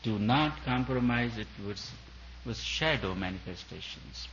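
A man's voice: mid-range voice, lively intonation, unhurried, a bit bright, lo-fi sound, slight background noise. A man giving a sermon as a spiritual teacher, in an emphatic preaching style that repeats and builds on its phrases. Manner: emphatic, repetitive preaching cadence.

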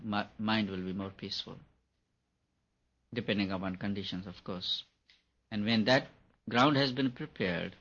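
A man giving a gentle, repetitive spiritual talk on meditation to an audience. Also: fairly low pitch. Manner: gentle, repetitive, chuckles often. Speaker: meditation teacher. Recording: dull lo-fi recording.

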